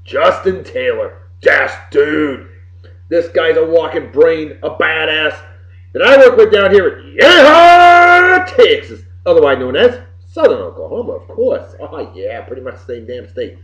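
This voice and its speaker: Brief: middle-aged male web-show host, rowdy and folksy, very lively pitch, dull lo-fi audio. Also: normal speed. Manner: boisterous, folksy, swearing, wisecracking. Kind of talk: casual birthday shout-outs on a web show. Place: home room with computer behind him. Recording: roomy, dull lo-fi webcam audio.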